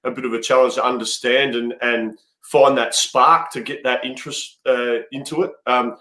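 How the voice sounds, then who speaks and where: A man's voice: medium pitch, steady tone, pushed and bright. Australian man telling rambling stories. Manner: rambling, halting, many restarts. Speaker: guest, cricket head coach. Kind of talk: casual interview storytelling. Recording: roomy echo.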